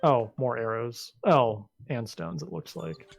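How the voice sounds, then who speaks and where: A man's voice: mid-range voice, measured pace, creaky, faint music behind. A man co-hosting a let's-play, chatting casually and wryly, telling rambling stories with restarts as he goes. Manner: wry, rambling storyteller with frequent restarts. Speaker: co-host playing a video game. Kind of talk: casual gameplay chat.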